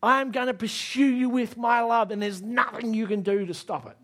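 A man preaching a sermon, emphatic, asking the audience direct questions and rising to near shouts on key lines. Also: extremely high pitch, fairly even intonation, normal speed, a little hiss or hum.

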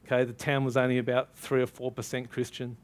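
A man preaching a sermon, telling a story with animated energy and acting out both sides of the dialogue. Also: mid-range voice, fast talker.

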